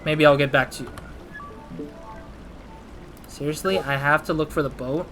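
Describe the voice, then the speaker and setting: A man's voice: fairly high pitch, fairly even intonation, moderate pace, a bit bright, soft background music. A man playing a detective game, reading every part aloud and chatting casually with self-deprecating asides. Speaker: gamer reading and voicing dialogue. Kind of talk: casual let's play commentary.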